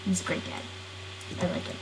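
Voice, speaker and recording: A woman's voice: fairly quick, background noise. A woman improvising a silly story, rambling and giggling, and often stopping to correct herself.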